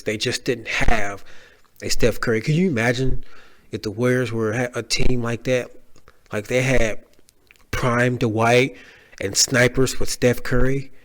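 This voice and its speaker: A man's voice: mid-range voice, steady tone, measured pace. A man hosting a solo podcast, talking casually with slang and restarts, heartfelt and rambling. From Dallas area. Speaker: podcast host.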